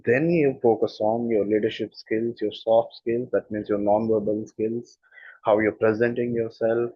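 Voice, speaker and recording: A man's voice: medium pitch, breathy edge, no echo, lo-fi sound. Earnest man with an Indian accent. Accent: standard Indian English. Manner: earnest, emphatic, repeats phrases for stress. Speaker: communication skills coach. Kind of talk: explanatory talk.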